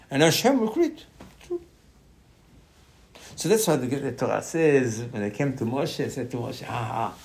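A man giving a Torah class in animated, non-native English, often repeating his words and jumping up in pitch. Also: moderate pace, gravelly, long pauses. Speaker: Torah teacher.

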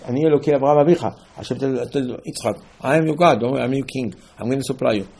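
A man's voice: medium pitch, rapid-fire, creaky, a little mellow, slight background noise. A man giving a Torah class sermon, telling stories and acting out dialogues with rising emphasis. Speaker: rabbi.

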